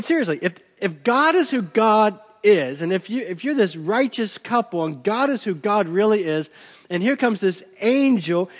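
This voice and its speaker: A man's voice: high voice, husky. A male pastor preaching a sermon in an emphatic, conversational way, recorded dull with long hall reverb.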